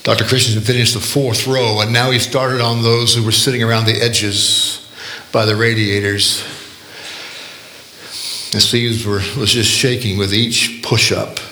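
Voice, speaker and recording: A man's voice: fairly low pitch, flat delivery, reverberant. Man telling a story with feeling. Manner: slows and softens at emotional moments, voices characters. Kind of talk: dramatic storytelling.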